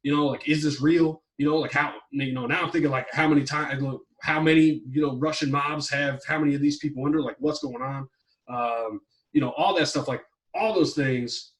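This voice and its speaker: A man's voice: on the high side, steady tone, normal speed, distant mic, poor audio. A man chatting casually on a podcast, rambling with lots of fillers like "you know" and "like". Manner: rambling, heavy on fillers, swears when worked up. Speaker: podcast co-host reviewing a movie plot. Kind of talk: casual chat.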